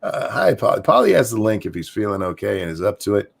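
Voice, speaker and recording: Tipsy male stream host, crude and rambling; deep, gravelly, very animated delivery. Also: quick pace. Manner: crude, rambling, teasing, drinking while talking. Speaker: show host. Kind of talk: casual late-night stream chat.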